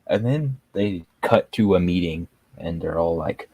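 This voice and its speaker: Male show host, live review rant: drawling slow pace, dry close sound, mocking and rambling. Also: low-pitched, expressive, dark tone, slightly rough, no echo. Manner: mocking, rambling, heavy on filler words.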